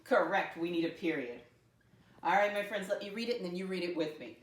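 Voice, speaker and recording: Cheerful teacher woman in an echoey classroom. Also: far from the mic. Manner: slow, spelled-out teacher talk with playful pitch leaps. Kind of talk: early-grade math lesson. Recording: roomy sound from off-mic.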